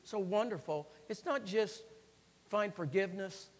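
A man preaching a sermon and reading scripture, swinging between loud emphasis and hushed, quiet phrases and repeating lines for emphasis. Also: high voice, unhurried. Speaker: pastor. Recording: long reverb of a large hall.

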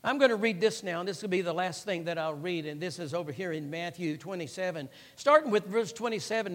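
A man preaching a sermon and reading scripture, swinging between loud emphasis and hushed, quiet phrases and repeating lines for emphasis. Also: sits high, fast talker, few pauses. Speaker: pastor. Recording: long reverb of a large hall.

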